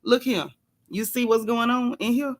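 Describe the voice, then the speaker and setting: A woman's voice: a little high, steady tone, normal speed. Chatty woman hosting a live stream. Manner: chatty, playful, greets viewers by name. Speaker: livestream host. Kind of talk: casual live chat with viewers. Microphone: camera close-up.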